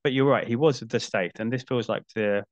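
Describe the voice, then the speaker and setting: A man's voice: medium pitch, a little fast, dry recording, highs cut off. A man in his forties hosting a podcast, chatting casually about films with frequent restarts and dry asides. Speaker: podcast host. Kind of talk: casual film discussion.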